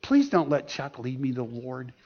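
A man voicing a tearful woman who quietly pleads, in a sermon. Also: medium pitch, very animated, moderate pace, a loud crowd, voice pushed down, close to an everyday voice. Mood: pleading. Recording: dull lo-fi sound.

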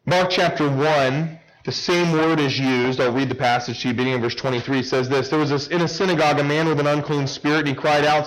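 A man preaching a sermon, swinging from loud raised passages to hushed quiet ones and asking the congregation rhetorical questions. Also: mid-range voice, rough recording.

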